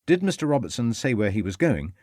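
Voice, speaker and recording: A man's voice: medium pitch, big pitch swings, darkish tone, no room sound, clean studio sound. A man voicing a determined male police inspector who speaks firmly and assertively. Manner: firm, assertive, measured.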